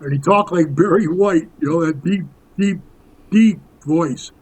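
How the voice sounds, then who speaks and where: A man's voice: on the high side, a little slow, darkish tone, husky, low-quality recording. A man in his sixties telling rambling, tough-talking stories as a podcast guest, calling the host "bro.". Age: 60s. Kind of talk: casual storytelling interview.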